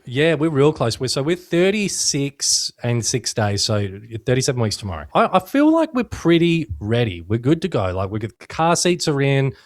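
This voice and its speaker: Young Aussie male co-host, mid pitch, jokey and sweary, close dry mic. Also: very animated, normal speed, few pauses, dry recording. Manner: laughs a lot, swears freely, jokey storytelling. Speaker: podcast co-host. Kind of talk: casual chat.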